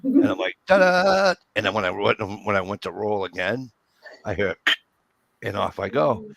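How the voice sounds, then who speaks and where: A man casually telling a story among friends, profane and animated, acting out what everyone said. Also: lowish voice, moderate pace, vocal fry, no room sound. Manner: profane, animated storyteller who acts out quotes. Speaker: host.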